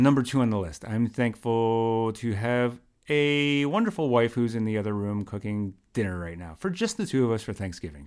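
Rambling New man hosting a podcast. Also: medium pitch. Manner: rambling, self-deprecating, thinks aloud. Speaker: podcast host. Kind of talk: casual solo podcast monologue. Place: home studio.

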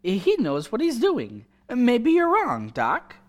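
An actor playing a flustered, excitable husband and father in a 1940s radio drama. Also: very high voice, takes it slowly, heavily acted. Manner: flustered, exclaiming.

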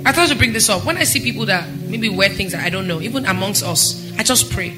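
A woman pastor preaching a sermon, impassioned and climbing to near-shouts. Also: mid-range voice, animated, fast talker, over music.

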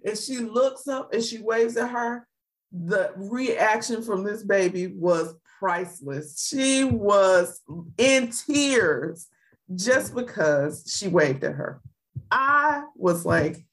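A woman hosting a podcast, telling stories in an animated, chatty way. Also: medium pitch, slow pace. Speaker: podcast host. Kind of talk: casual podcast chat.

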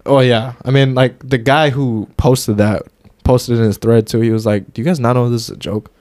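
A man's voice: mid-range voice, fairly even intonation, moderate pace, a little mellow, dry recording. A man co-hosting a casual movie review podcast, loose and jokey, swearing and stumbling over names. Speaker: podcast co-host.

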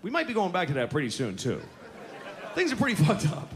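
A man in his forties doing a stand-up comedy routine, ranting with profanity and slipping into quick character voices. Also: high voice, huge pitch swings. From United States. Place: large theater on stage. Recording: live theater with hall reverb and crowd laughter.

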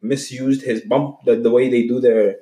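A man's voice: medium pitch, fairly even intonation, moderate pace, warm tone, slight background noise. Easygoing man hosting in an echoey room. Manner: loose, laughing, frequent mm-hmms. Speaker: podcast host. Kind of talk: casual chat. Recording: roomy echo.

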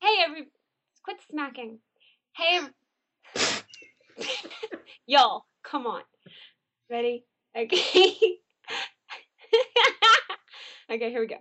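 A woman's voice: high voice, lively intonation, slow pace, long pauses, a bit bright. A woman who acts in a web series, giggling and apologizing through retakes of a short promo. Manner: giggly, apologetic, uses "y'all". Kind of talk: casual chat with retakes.

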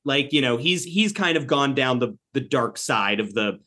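A man's voice: mid-range voice, moderate pace. A man co-hosting a podcast, talking casually about a film, rambling with lots of fillers and swearing. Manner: rambling, animated, swears a lot, many fillers. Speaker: podcast co-host. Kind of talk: casual movie discussion.

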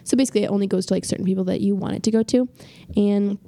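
A woman's voice: mid-range voice, steady tone, rapid-fire, dark tone, no echo. A teenage girl co-hosting a casual family podcast, bubbly and giggly with lots of filler. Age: teens. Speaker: podcast co-host, daughter.

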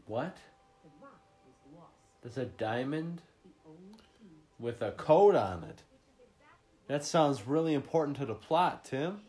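A man's voice: mid-range voice, lively intonation, takes it slowly, long pauses, dark tone. A man hosting a podcast, chatting casually about a movie while he watches it, swearing often and mocking the plot. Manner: profane, joking, mocking the plot. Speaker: podcast host.

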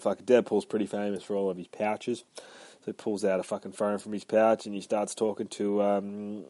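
A man's voice: fairly low pitch, mellow, no echo. A man giving a casual, rambling comic book review, swearing freely and retelling scenes with energy.

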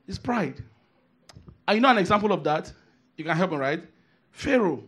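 A man preaching a sermon, emphatic, repeating phrases and swinging from hushed asides to shouted declarations. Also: high voice, sing-song, moderate pace, pauses often, slightly rough.

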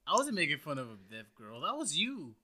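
Lively, bright-voiced young man chatting. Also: on the high side, fairly quick. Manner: animated, teasing, laughs often, swears casually. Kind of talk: casual chat.

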